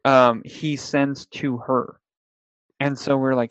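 A man co-hosting a casual chat, animated and laughing, acting out what other people said. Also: mid-range voice, slow, dry recording, dull audio. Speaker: podcast co-host.

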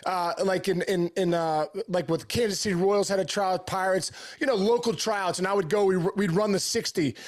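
Brief: middle-aged male guest, high-pitched for a man, eager and earnest, stumbles and restarts as he tells his story. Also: fairly even intonation, moderate pace, few pauses. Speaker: podcast guest. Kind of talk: storytelling in conversation.

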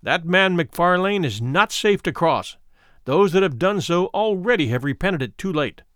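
A male audiobook narrator plays a sober, pale and resolute man from an old tale, warning his listeners in a slow, ominous tone. His delivery swings between high and low, and the recording is dry and close. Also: lively intonation, a bit bright, no room sound. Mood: grim warning.

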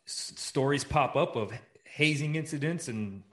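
A man co-hosting a casual interview show, speaking in a relaxed, halting way with emphatic points. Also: on the high side, roomy sound. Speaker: podcast co-host and editor.

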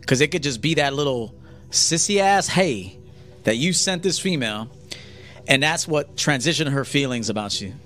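A man's voice: a little high, animated, normal speed, a bit bright, soft background music. A man giving a blunt, profane lecture to men as a dating coach on a livestream.

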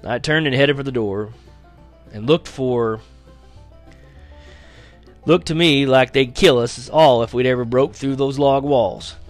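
Male storyteller, mid-pitched, reads with dramatic, lively delivery. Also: soft background music. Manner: lively, dramatic, slows for action beats. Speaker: audiobook reader. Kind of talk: first-person storytelling reading.

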